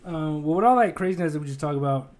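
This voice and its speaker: A man with a slightly high voice hosts a casual podcast chat. He rambles, stumbles over restarts and drifts between thoughts as he talks with friends. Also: quick pace, a little mellow. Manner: rambling, with frequent restarts and laughs. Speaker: podcast host.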